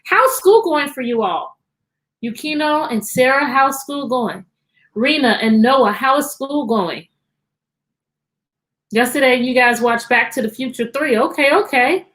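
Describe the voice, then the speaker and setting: Woman teacher doing a kids storytime on a stream from her computer, upbeat, kinda high voice. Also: animated, a little slow, fairly bright tone. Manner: cheerful, repeats greetings, greets children by name. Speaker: teacher reading to children. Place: at home at the computer.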